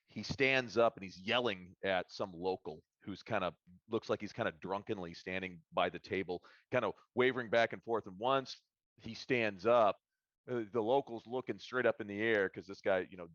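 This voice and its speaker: A man with a fairly low voice runs a tabletop game, narrating haltingly with plenty of filler sounds. The sound is dull and dry, like a modest home stream. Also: fairly even intonation, a bit bright, no room sound. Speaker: game master.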